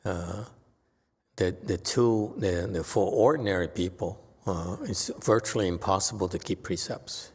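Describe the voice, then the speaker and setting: Male Buddhist teacher, animated dharma talk, long temple-hall reverb. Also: sits low, unhurried, husky. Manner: animated, emphatic, voices dramatic quotes. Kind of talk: dharma lecture.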